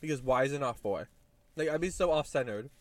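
A man in a parked car talks through silly would-you-rather questions with a friend. His pitch swings widely as he jokes, laughs and swears. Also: a little fast, dry recording. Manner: animated, laughing, swears casually. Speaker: podcast co-host. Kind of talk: casual chat in a car.

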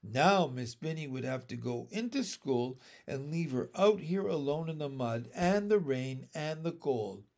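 A man narrating a children's book aloud in a measured, expressive storytelling manner. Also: fairly high pitch, vocal fry.

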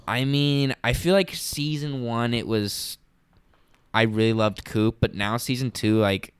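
Lively young man, very clear voice. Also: mid-range voice, measured pace, no echo, clean studio sound. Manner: excited, rambling storyteller with many "like"s. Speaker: podcast co-host. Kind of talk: casual chat.

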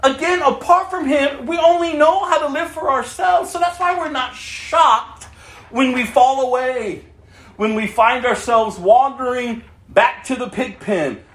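A man's voice: extremely high pitch, a little slow, fairly bright tone, echoey room. A male pastor preaching a sermon, earnestly reading scripture aloud and chuckling often as he speaks.

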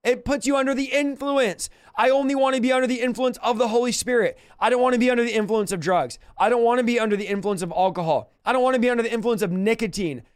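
A man's voice: very high voice, fast talker, few pauses, clean tone, dry recording, clean studio sound. A man preaching and praying with fervent, repetitive exhortation. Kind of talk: sermon with prayer.

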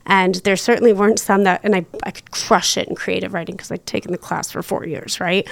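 A woman's voice: mid-range voice, steady tone, brisk, vocal fry, no echo. Chatty woman guest, dry sound. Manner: chatty, laughs often, many fillers. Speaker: podcast guest. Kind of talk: casual interview storytelling.

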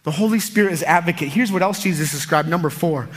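A man preaching a sermon as pastor, energetic and emphatic, with sudden loud peaks. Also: fairly high pitch, fast, soft background music.

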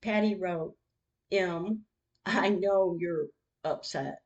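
Woman, podcast host, reads text messages aloud, emotional, heartfelt, unhurried. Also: medium pitch, a little mellow, lo-fi sound. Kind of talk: reading out her own text messages.

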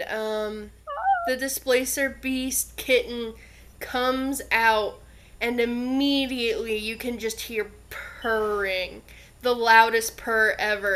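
Game master, female, unhurried and giggly narration, slightly high voice. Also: fairly bright tone. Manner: unhurried, hesitant with many ums, giggly.

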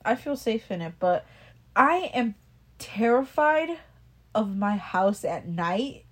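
A woman's voice: medium pitch, animated, slow pace, slightly rough. A young woman casually telling a personal story, rambling, swearing a lot and restarting her sentences. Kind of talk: casual chat.

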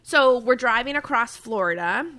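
A woman in her thirties, a podcast co-host, telling animated stories about her kids in casual chat. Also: a little high, normal speed, a little hiss or hum. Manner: animated storyteller, acts out her kids' voices.

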